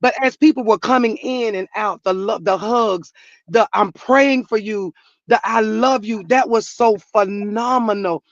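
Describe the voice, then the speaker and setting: A middle-aged woman, a grieving mother, gives an emotional personal testimony, earnest and church-flavored, sometimes rising into emphatic outbursts. Her voice is medium-pitched at a measured pace, and the audio is dull with no echo.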